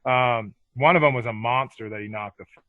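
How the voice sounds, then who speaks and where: A man telling stories as a podcast guest in a casual interview, animated and swearing freely. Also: medium pitch, brisk, no echo, phone-quality sound.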